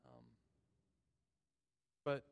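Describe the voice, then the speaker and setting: A man preaching a sermon in a church, earnest and repeating key phrases for emphasis. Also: drawn-out words. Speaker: pastor. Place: church sanctuary. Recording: long reverb of a church hall.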